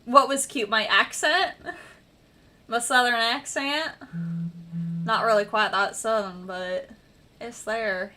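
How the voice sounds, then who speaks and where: A woman's voice: mid-range voice, measured pace, bright, forceful tone. A young woman from the American Midwest with a slight Midwestern accent, chatting casually and rambling on a livestream while she edits her book. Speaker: author livestreaming her editing.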